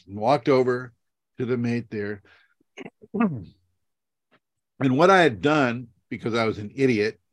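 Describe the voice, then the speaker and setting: A man's voice: medium pitch, lively intonation, slow pace, long pauses, dry recording. A man hosting a casual video-call question session as a spiritual teacher, rambling with fillers and laughing at himself.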